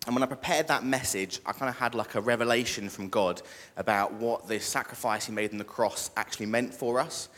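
A man's voice: medium pitch, fairly quick, hardly any pauses, a bit bright. A young British man preaching a casual sermon and joking with the congregation. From Britain. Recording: echoey church hall.

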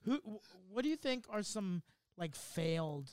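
A man guesting on a comedy podcast, chiming in with short jokes and halting questions. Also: high voice, animated, a little mellow. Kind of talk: casual comedic chat.

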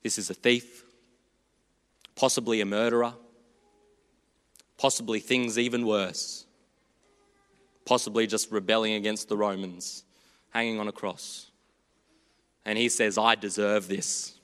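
A man preaching a sermon in a church, earnest and storytelling, moving between hushed and animated delivery. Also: lowish voice, unhurried, pauses often, clear, resonant tone, big-room sound.

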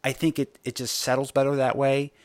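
A man's voice: medium pitch, monotone, fairly quick. A man with a mid-range voice interviews a guest in an easygoing, conversational way. His voice sounds dry and close, with no room echo. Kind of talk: casual interview chat.

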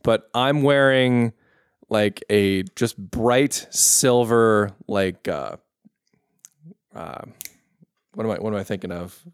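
A man at a tabletop game who talks haltingly, searching for each word. He speaks very slowly in a mid-range voice, and the sound is dry and close. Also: on the low side, clear, resonant tone, no echo. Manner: halting, hunting for words. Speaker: player. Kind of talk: in-character tabletop play.

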